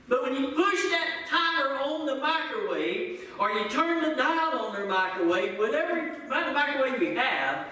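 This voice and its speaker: Man, pastor, sermon, playful, acts out dialogue, high voice, heavy church echo. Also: bright, forceful tone. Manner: playful, joking with the congregation, acting out quick bits of dialogue. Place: church sanctuary. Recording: echoey room, picked up from a distance.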